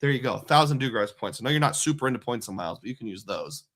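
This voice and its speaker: A man's voice: mid-range voice, expressive, very fast, fairly bright tone. A man hosting a casual livestream, chatting loosely and reading out supporter names. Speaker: livestream host.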